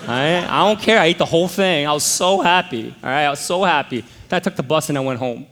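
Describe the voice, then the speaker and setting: Male pastor, middle-aged, lively storyteller, slightly high voice, long church-hall reverb. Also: fast. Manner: animated storytelling, exclamatory. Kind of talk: sermon with personal story.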